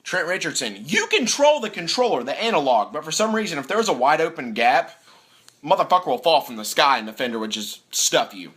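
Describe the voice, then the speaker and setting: A young man vents as a sports fan vlogger in a bright, forceful voice. He swears freely and slips into mocking impressions of players. His delivery stays animated throughout. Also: a little high, brisk. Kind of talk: profane sports rant.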